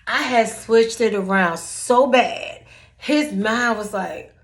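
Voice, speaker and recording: A woman's voice: on the high side, slow pace. A woman vlogger telling a personal story in a casual, dramatic way, acting out both sides of a conversation. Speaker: vlogger giving dating advice.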